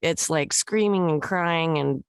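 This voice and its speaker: A woman's voice: low voice, slow, gravelly, clean tone, no echo. A middle-aged woman co-hosting a podcast in casual chat, rambling and candid with many fillers. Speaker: podcast co-host.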